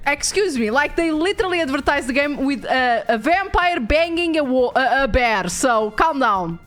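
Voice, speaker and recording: A woman's voice: high voice, a bit bright. A young woman streamer chatting casually about a game, talking loosely and laughing often. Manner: chatty, frequent fillers and restarts, laughs often.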